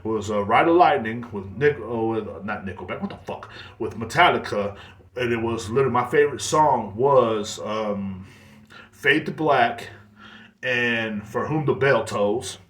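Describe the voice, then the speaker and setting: A man's voice: mid-range voice, unhurried, a bit bright. Profane, rambling man in an echoey room. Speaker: podcast host. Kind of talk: casual monologue.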